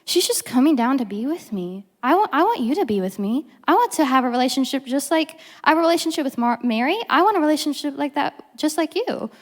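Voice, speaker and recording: A gentle, caring man reassures a worried friend in soft, casual words, as a young woman voices him in her own fairly high voice. The sound rings with a long hall reverb. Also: animated, fast talker, few pauses. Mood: reassuring.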